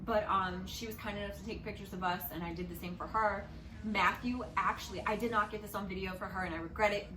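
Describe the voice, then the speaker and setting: A young woman vlogger telling a story casually, with lots of expression and swearing, and she jumps into loud squeaky voices when she quotes people. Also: fairly even intonation, fast talker, far from the mic. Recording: echoey room, a little off-mic, music underneath.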